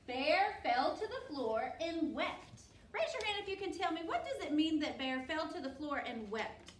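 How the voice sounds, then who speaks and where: A woman's voice: high-pitched, very animated, normal speed, a little hiss or hum. A woman teacher reading a picture book to children, encouraging and asking pupils questions by name. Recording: roomy, distant mic.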